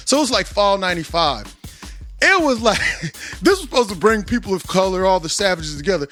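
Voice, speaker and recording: Forties male podcast host, high bright voice, profane animated storyteller, faint music behind. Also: a little fast. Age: 40s. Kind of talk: casual podcast monologue. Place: home recording studio.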